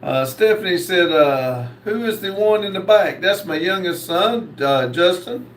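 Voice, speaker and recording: A man hosting a live stream, reading viewer comments aloud and answering them, with many pauses and fillers. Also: sits high, animated, a bit bright, reverberant, recorded from a distance, slight background noise, low-quality recording. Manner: slow, reads comments aloud with many uhs. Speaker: host reading live chat. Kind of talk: casual live stream chat.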